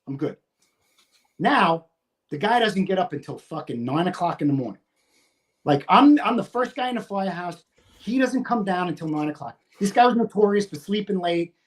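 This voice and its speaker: A man in his fifties, a retired firefighter from the United States, swearing freely as he tells a story in casual conversation and acting out his own shouting. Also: high-pitched. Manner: profane, animated, acts out his own shouting.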